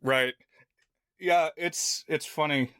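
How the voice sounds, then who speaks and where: Male podcast co-host, bright tone, slightly high voice, casual film chat. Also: takes it slowly, clean tone, no echo, studio quality. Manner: relaxed, conversational, with frequent fillers.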